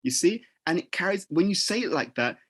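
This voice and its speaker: Husky and fairly bright, this man's high-sitting voice moves at a fairly quick, animated clip. Teaching on leadership, he keeps a conversational tone, often starting sentences over and playing out sample conversations.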